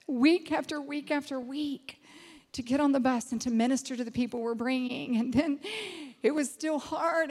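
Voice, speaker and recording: Lady ministry leader telling her story, warm laughs all through, big echoey hall. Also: sits high. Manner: laughing often, emotional storytelling. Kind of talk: testimony to a church gathering. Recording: long reverb of a hall.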